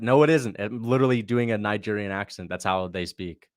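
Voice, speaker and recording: Reacting to fights on his livestream, a young man chats loosely, laughs easily, thanks viewers, and reads out donations. His voice is fairly low, captured dry with clean studio sound.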